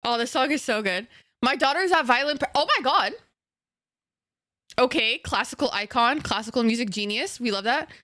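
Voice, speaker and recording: A playful young woman from Egypt chats with her stream audience in a fairly high voice. She giggles often and swears freely in slangy asides. Her voice is close and dry, with no room sound. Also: expressive, normal speed, bright, forceful tone, dry recording. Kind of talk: casual gaming stream chat with viewers.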